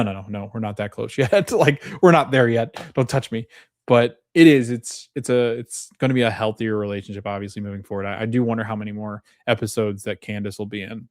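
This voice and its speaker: A man's voice: medium pitch, no echo. Male podcast host, mid-range voice, casual recap delivery with self-corrections, dry close sound. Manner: chatty, animated retelling with frequent restarts.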